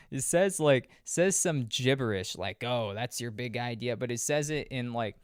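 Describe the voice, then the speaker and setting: A man's voice: mid-range voice, animated, moderate pace, hardly any pauses, smooth, dry recording, studio quality. A young man recapping a movie in loose, profane casual chat, full of fillers and restarts. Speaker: podcast host reviewing a movie. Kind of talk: casual rambling film recap.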